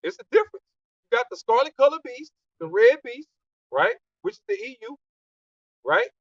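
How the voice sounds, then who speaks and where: A man's voice: very high-pitched, huge pitch swings, normal speed, dry recording. A man in a scripture study group arguing his points with emphasis and answering his own rhetorical questions. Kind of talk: heated discussion. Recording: distant, dull lo-fi, dry.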